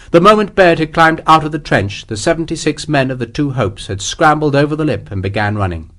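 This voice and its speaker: Expressive male audiobook narrator. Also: medium pitch. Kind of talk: scripted narration.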